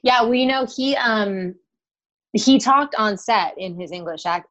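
An actress being interviewed, answering in an easygoing, thoughtful way. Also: female voice, medium pitch, measured pace, a bit bright, muffled recording. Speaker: actress and guest.

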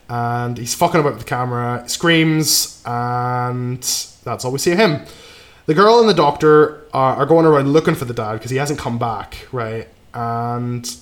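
Co-host, man, mid-pitch voice, loose plot recap in casual chat. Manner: loose plot recap, trailing off quietly, frequent "right?" and swearing. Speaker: podcast co-host recapping a film.

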